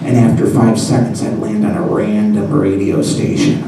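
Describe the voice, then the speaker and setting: A man's voice: fairly low pitch, level tone, normal speed, gravelly, warm tone, distant mic, a little hiss or hum. Rambling man telling a story in a roomy hall. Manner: rambling, self-deprecating, full of "you know" and "like". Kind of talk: live personal storytelling. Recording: roomy hall heard from afar.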